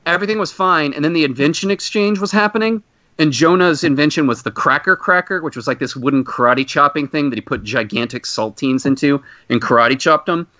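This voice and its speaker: Animated man telling a story, muffled audio. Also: on the high side, a little fast, no room sound. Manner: animated anecdote with loud acted-out exclamations. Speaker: podcast host. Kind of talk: casual storytelling. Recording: dull muffled podcast audio.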